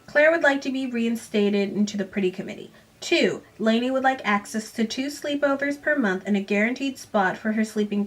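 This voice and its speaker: A woman's voice: fairly high pitch, a bit bright. A young woman casually recapping a novel, reading short passages aloud and breaking off into sarcastic asides. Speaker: book reviewer.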